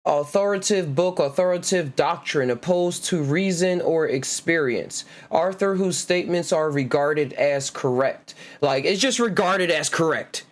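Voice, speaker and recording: Podcast host, male, relaxed solo talk, slightly higher pitch. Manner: laid-back, laughs often, reads words out slowly. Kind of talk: casual solo chat reading etymology.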